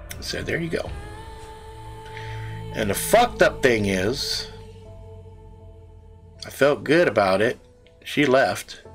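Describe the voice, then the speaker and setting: A man's voice: mid-range voice, a bit bright. A man hosting a live stream, telling a rambling, profane story in casual chat.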